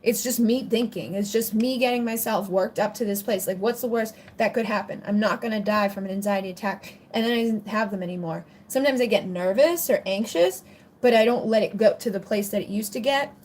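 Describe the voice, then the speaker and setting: A woman's voice: mid-range voice, fairly quick, a little mellow, slight background noise. A woman hosting a casual livestream Q&A on spiritual topics, chatty and rambling with plenty of "like" fillers. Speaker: spiritual channel host answering viewer questions.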